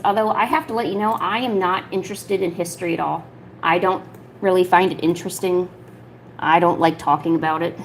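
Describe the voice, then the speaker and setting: A woman's voice: fairly low pitch, gravelly, a little hiss or hum. Chatty woman streamer sketching. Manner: rambling, heavy with filler words; soft, doting talk to her pet. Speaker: artist streamer. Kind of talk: casual livestream chat while sketching.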